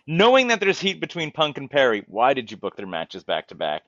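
A man's voice: mid-range voice, huge pitch swings, normal speed, fairly bright tone, no room sound. Rambling man on a dull, dry mic. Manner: rambling, many fillers and restarts. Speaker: podcast co-host. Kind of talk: casual chat about wrestling.

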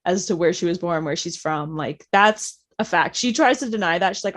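A woman's voice: on the low side, moderate pace, few pauses. A woman talking as a guest on a podcast, chatting casually and laughing as she tells stories. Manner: laughs often, animated storytelling. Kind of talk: casual chat.

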